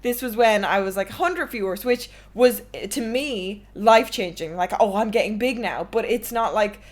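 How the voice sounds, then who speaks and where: A young woman in her twenties who streams and hosts a podcast chats candidly and casually, telling stories with swearing and laughs. Her voice is mid-range, at a normal speed.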